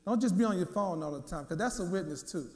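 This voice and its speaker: Male minister, high voice, lively storytelling sermon with lots of repetition. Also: fast talker, roomy sound. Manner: lively storytelling, repeats words, acts out quotes. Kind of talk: sermon with personal testimony.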